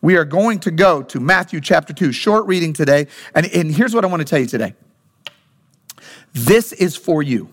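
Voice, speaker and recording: A man's voice: fairly high pitch, animated, normal speed. A man in his thirties preaching a sermon in a church, talking earnestly and conversationally, repeating key phrases for emphasis and leading the congregation in prayer. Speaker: pastor. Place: church sanctuary, also streamed. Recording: long hall reverb.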